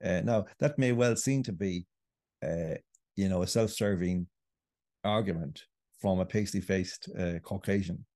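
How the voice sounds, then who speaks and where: A man's voice: low voice, a little slow, dark tone, no echo, studio quality. A middle-aged Irish man, a writer and podcast guest, making a long, earnest argument. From Ireland. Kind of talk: podcast interview.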